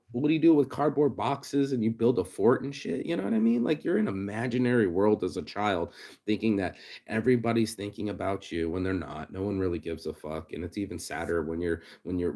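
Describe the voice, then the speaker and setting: Profane ranting man, low-pitched. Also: a little mellow. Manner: ranting, profane, with frequent restarts and acted-out quotes. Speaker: vlogger. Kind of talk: unscripted monologue.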